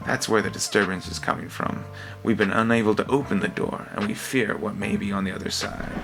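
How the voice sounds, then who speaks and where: A man's voice: lowish voice, fairly even intonation, a little fast, creaky, fairly bright tone, soft background music. A man voicing a polite, nervous male butler, speaking formally in a tabletop game. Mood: uneasy. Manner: formal, courteous.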